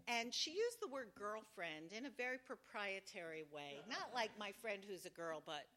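A woman's voice: mid-range voice, big pitch swings, normal speed, few pauses, bright, forceful tone. A woman telling a wry, self-deprecating personal story at a live storytelling event, acting out the voices she quotes.

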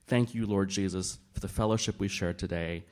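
A calm, devout wealthy woman, voiced by a man who speaks low and unhurried. Her prayer is steady and composed. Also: close to an everyday voice.

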